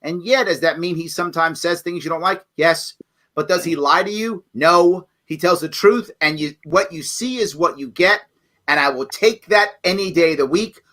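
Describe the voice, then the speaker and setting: High, bright, combative man on a video call. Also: moderate pace. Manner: blunt, combative, emphatic. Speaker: candidate. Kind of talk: lively campaign talk.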